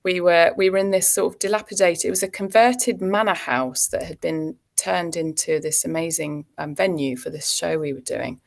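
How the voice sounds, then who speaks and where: A woman's voice: on the low side, fairly even intonation, normal speed, creaky, hardly any pauses. A woman, an actor chatting as a guest and telling anecdotes with frequent ums and laughs. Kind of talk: casual interview chat.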